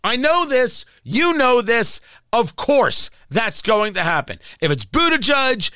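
Radio host guy ranting, sarcastic, repeats himself for punch, high lively voice, dry mic. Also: unhurried, clear, resonant tone, no echo. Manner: combative, sarcastic, emphatic repetition. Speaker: radio talk show host. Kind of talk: opinionated political talk radio monologue.

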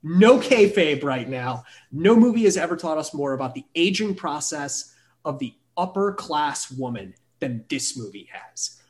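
Man, podcast co-host, lively pitch, swearing, casual film chat. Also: a little slow. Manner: animated, swears freely, launches into mocking asides.

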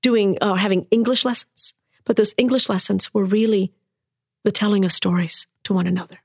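Cuban-born storyteller lady in her 60s, gravelly voice, dry close sound, acts out the people in her story. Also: mid-range voice, moderate pace, no echo. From Cuba. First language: Spanish. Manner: animated, switches into voices of people she quotes. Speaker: guest storyteller and author. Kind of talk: personal storytelling on a podcast.

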